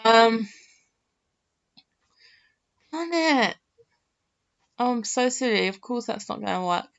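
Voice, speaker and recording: A woman's voice: a little high, animated, slow pace, vocal fry, dull audio. A woman giving chatty, self-mocking gameplay commentary, thinking aloud with plenty of fillers. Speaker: game channel host.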